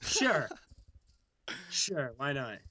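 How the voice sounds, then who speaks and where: A man's voice: on the high side, big pitch swings, extremely slow, sharp tone. A young man co-hosting a casual podcast, joking around loosely and swearing freely. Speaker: podcast co-host.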